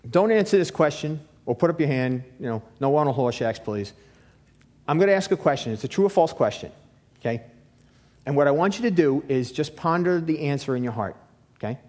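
A man's voice: fairly high pitch, lively intonation, a little fast, a little mellow. A middle-aged man preaching a sermon in a casual, conversational way, often checking in with "okay?" and repeating himself for emphasis. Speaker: pastor.

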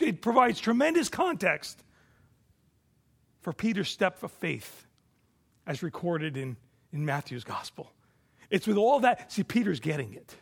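A male pastor preaching a sermon, moving between hushed reflection and forceful declarations. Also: very high voice, creaky, husky.

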